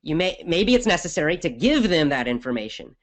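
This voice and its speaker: A middle-aged man, an English teacher, answers listener questions on his podcast in an energetic, emphatic, conversational way. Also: a little high, a little fast.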